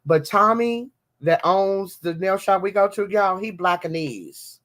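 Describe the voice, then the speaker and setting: A woman's voice: mid-range voice, a little slow. A woman hosting a podcast, talking to her listeners in an easygoing, chatty way. She tells her stories with plenty of slang and keeps calling out to them as y'all. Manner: animated storytelling with slang, addressing listeners as y'all. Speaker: podcast host. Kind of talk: casual chat.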